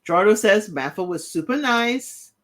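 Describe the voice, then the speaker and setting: A woman's voice: medium pitch, animated, normal speed. A woman hosting a casual recap show, retelling scenes and talking straight to the people in them. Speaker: reality TV recap host.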